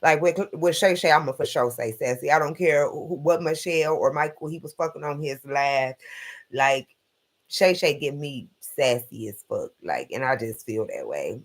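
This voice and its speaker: A man's voice: fairly high pitch, normal speed. A man hosting a casual late-night live stream, rambling bluntly and profanely through his opinions.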